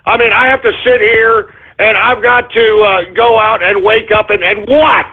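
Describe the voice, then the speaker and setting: Hoarse, exasperated man ranting on air. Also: high voice, steady tone, moderate pace. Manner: exasperated ranting with shouted outbursts and sighs; curses, then apologizes for cursing. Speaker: radio show host. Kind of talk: ranting call-in radio monologue. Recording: tinny phone-like lo-fi audio.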